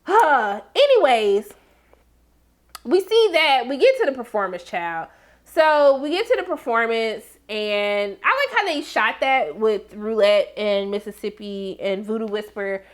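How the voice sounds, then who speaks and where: A woman giving a casual, slangy recap and review of a TV episode, breaking into high exclamations. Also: sing-song, a little slow.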